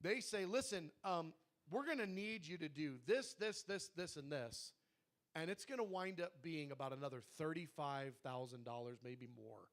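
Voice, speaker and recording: A man leading a prayer room, telling a personal testimony to his congregation in an animated way and acting out the dialogue. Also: fairly high pitch, moderate pace.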